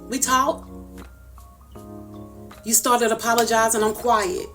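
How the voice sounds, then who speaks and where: A woman's voice: mid-range voice, moderate pace, a bit bright, distant mic, faint music behind. A woman livestreamer giving a heated personal callout, emphatic and confrontational, repeating her points for force. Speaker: social media livestreamer.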